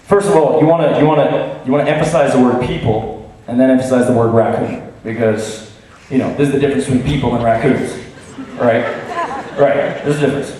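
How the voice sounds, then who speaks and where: A man hosting a live stage show, teasing and directing the audience in a jokey, animated way. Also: mid-range voice, fairly quick. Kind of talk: playful live crowd work. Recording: echoey hall, distant mic, crowd noise.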